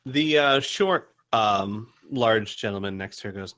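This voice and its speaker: A man narrates a tabletop role-playing session as game master. His voice sits low, and he pauses often with "uh" and "um". The delivery is relaxed and conversational. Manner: hesitant, filler-heavy narration.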